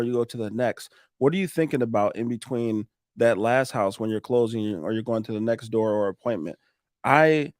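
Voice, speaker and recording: A man talking casually on a podcast, coaching listeners on sales and connecting with customers in an animated way that swings between loud and quiet. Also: medium pitch, no room sound, clean studio sound. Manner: animated, coaching, laughs often.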